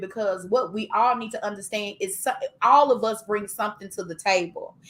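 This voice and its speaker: A woman, hosting a casual conversation and asking questions in a reflective, vernacular way. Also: fairly high pitch. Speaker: host.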